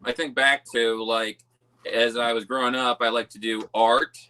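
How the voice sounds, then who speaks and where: A man as a guest in a casual podcast chat, hesitant and halting with many fillers. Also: mid-range voice, fairly even intonation, bright, forceful tone, smooth.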